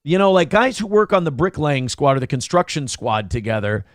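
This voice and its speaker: A man's voice: a little high, fairly quick, no room sound, clean studio sound. A man hosting a casual livestream show, telling a story with a lot of swearing and acting out the other people in it. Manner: animated storytelling, swears, acts out voices. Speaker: show host.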